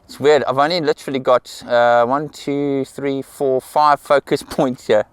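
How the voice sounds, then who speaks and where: A man's voice: medium pitch, fairly even intonation, a little slow, clean tone. Man coaxing a model with praise. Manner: encouraging, repeats praise words. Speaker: portrait photographer. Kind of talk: directing a model during a shoot. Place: sunflower field outdoors.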